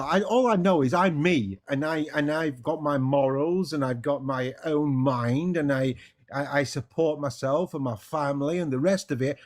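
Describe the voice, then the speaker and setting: An English man argues with real fire, his slightly high voice swinging up and down as he stumbles and repeats himself. He talks like someone who gets carried away by the subject and cannot stop. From England. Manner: passionate, stammering with repeated words. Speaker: caller debating a streamer. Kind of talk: heated casual debate.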